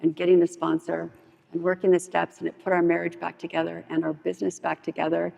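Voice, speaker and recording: A woman at a recovery meeting shares frank personal testimony in a chatty, storytelling style, talking fast and in a monotone. Her fairly low voice is gravelly yet warm, and the lo-fi recording sounds dull, echoing around the hall.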